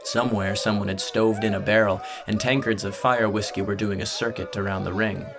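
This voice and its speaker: A man reading a fantasy audiobook as narrator, with measured, dramatic storytelling. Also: lowish voice, fairly even intonation, over music, crowd noise.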